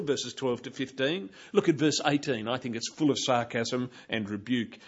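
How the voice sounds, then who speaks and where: A man's voice: mid-range voice, normal speed, few pauses, breathy edge, muffled recording. A man giving a Bible teaching, explaining passages and pointing his listeners to verse after verse.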